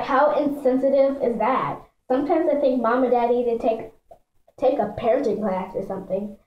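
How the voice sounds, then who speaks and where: A woman's voice: fairly high pitch, roomy sound, lo-fi sound. A woman reading a children's book aloud in a chatty way, stumbling over words and adding asides for her listeners. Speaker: reader.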